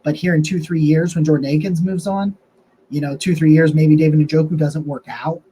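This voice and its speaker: A man's voice: a little high, level tone, a little fast, mellow, slightly rough, poor audio. A young man casually breaking down football draft picks on his own show, talking loosely with restarts and fillers, a touch hiccupy. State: has the hiccups. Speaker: sports podcast host. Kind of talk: casual sports analysis monologue.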